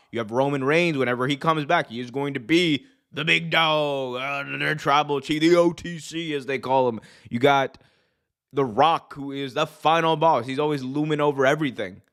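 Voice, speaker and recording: Animated man ranting about wrestling. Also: mid-range voice. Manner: animated, repeats himself, frequent restarts and fillers. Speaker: wrestling podcast host. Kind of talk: casual opinion rant to live viewers.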